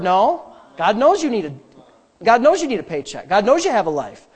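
Guy pastor preaching, pretty high voice, keeps repeating lines to hammer it home. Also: very animated, fast. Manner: emphatic preaching with repetition, dropping to quiet prayer. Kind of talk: sermon.

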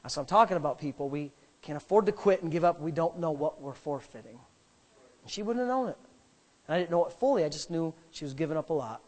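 High-voiced, emphatic pastor. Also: male voice, animated, fast talker. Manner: emphatic, rambling, with restarts. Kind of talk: sermon storytelling.

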